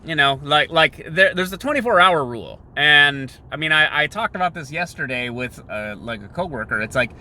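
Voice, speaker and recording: A man's voice: fairly high pitch, lively intonation, normal speed, few pauses, bright, forceful tone. A man hosting a podcast, talking in a rambling, digressive monologue with many restarts while in a car in city traffic. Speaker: podcast host.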